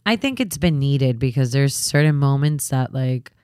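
A woman's voice: very deep voice, lively intonation, normal speed, a little mellow, clean tone, dry recording, clean studio sound. A young pregnant woman co-hosting a casual podcast, laughing and turning tearful. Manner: emotional, laughing through tears. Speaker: podcast co-host. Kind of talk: casual chat.

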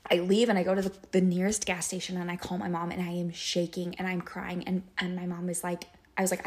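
A woman's voice: lowish voice, flat delivery, quick pace, few pauses, darkish tone. A woman in her late twenties, a podcast host, candidly telling a personal story in a monologue full of "like" fillers. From Kansas. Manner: candid, emotional, many "like" fillers. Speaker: podcast host and business owner.

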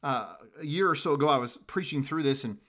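A man preaching a sermon, telling stories in an animated way and driving points home with emphatic repetition. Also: a little high, brisk. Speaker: pastor.

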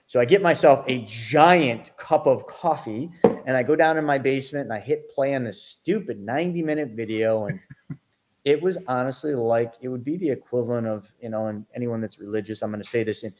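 A middle-aged man, a podcast guest, telling his story of becoming a financial educator in a lively, animated way. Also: medium pitch, fairly quick. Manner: lively, acts out his own past reactions.

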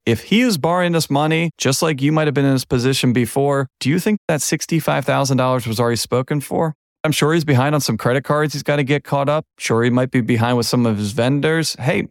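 A man hosting a podcast, explaining in a blunt, conversational monologue and acting out lenders and borrowers in quick asides. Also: mid-range voice, no echo, studio quality. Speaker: podcast host.

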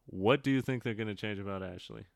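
A man co-hosting a podcast in casual chat, talking in a measured, explanatory, easygoing way on a close mic. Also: lowish voice, creaky, no room sound. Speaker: podcast co-host.

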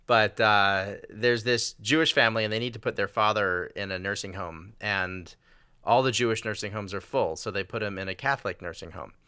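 Middle-aged host guy, bright tense voice, dry close sound, laughs a lot, jokey. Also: lowish voice, brisk, clear, resonant tone, no room sound. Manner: laughs often, self-deprecating joke-teller. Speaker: podcast host. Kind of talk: casual conversation.

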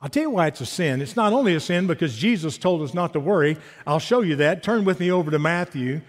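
A man in his fifties preaching a sermon, animated, asking his listeners rhetorical questions. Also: a little high, fast talker. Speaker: pastor. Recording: long hall reverb.

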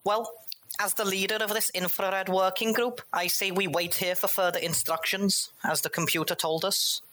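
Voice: medium pitch, fairly even intonation, moderate pace, sharp tone, pitched above the performer's own voice, natural voice. A player voicing an earnest, over-polite troubleshooter who eagerly takes the blame.

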